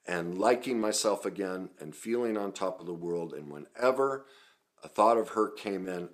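A middle-aged man, a self-help coach, talking earnestly and emphatically in a video, sharing his own story. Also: deep voice.

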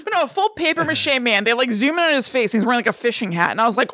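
A woman's voice: a little high, rapid-fire, few pauses, no room sound. Chatty woman retelling a movie plot. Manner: animated storyteller, acts out lines with laughs. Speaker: podcast co-host. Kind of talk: casual chat, recapping a movie plot.

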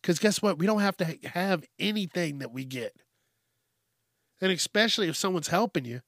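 A man's voice: sits high, expressive, normal speed, pauses often, a bit bright, no room sound, studio quality. A man hosting a solo podcast, ranting casually and bluntly with plenty of swearing. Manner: profane, ranting, blunt and conversational. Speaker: podcast host.

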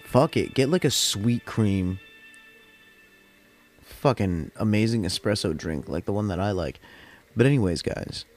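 Soft music plays behind a man whose lowish, darkish voice carries lively intonation as he speaks unhurriedly, pausing often. He's a podcast host from the California desert, tired from work, spinning loose, profane, rambling stories packed with "like."

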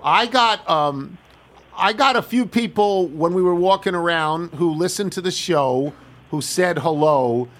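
A radio host with a fairly high voice for a man. He sounds conversational and keeps the talk moving. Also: unhurried, a bit bright. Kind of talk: casual radio chat.

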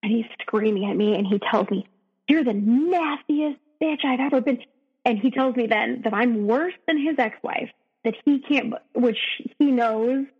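Husky woman telling a painful story. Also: on the high side. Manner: emotional, halting, with many restarts. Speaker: podcast guest. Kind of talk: personal storytelling. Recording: dull, echoey recording.

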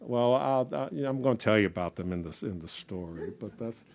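A man from Boston, a storyteller chatting casually to a live audience in a rambling, halting way with lots of fillers and restarts. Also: lowish voice, lively intonation, gravelly, a little mellow. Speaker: storyteller, performer.

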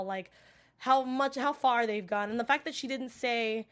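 A woman's voice: fairly high pitch, normal speed. A young adult woman recapping a TV episode in a casual, gushing way, full of "like" and "you know". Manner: gushing, filler-heavy, lots of "like" and "you know".

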